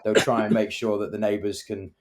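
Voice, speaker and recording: A man with a somewhat low voice co-hosts a property podcast from the UK. He talks in a loose, chatty way and tells anecdotes about site visits. He acts out the people he quotes as he goes. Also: little pitch movement, a little fast, noisy background. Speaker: podcast co-host, property developer. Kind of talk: casual chat.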